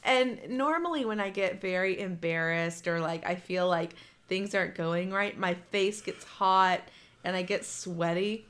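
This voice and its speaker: A woman's voice: fairly low pitch, unhurried, a bit bright. A woman telling a story in a casual chat, candid and laughing as she talks, swearing freely.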